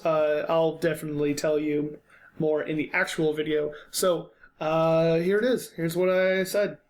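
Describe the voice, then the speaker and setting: A young man hosts a podcast, talking bluntly and casually with frequent fillers and restarts. His voice sits a little higher than most men's. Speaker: podcast host. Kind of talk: unscripted critique chat.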